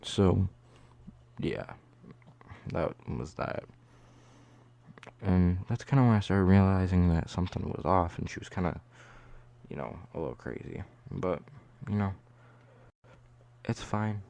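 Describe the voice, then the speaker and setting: A young man tells a story in a casual vlog style, with a low voice and a mellow, relaxed tone. He talks in a loose, chatty way and fills his sentences with "like". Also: a little slow, gravelly, long pauses, dry recording. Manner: loose, chatty, heavy use of "like". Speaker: vlogger.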